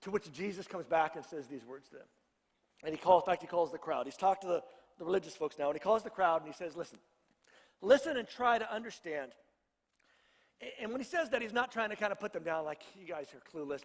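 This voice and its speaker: A male pastor with a notably high voice preaches in an easy, conversational way and banters with the congregation. His words ring out with a long reverb, as in a big sanctuary. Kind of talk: sermon. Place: church sanctuary.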